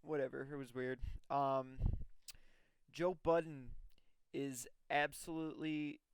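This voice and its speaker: A man's voice: medium pitch, steady tone, slow, smooth. A young man co-hosting a podcast, telling stories in casual chat with lots of fillers. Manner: rambling, filler-heavy storytelling. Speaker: podcast co-host.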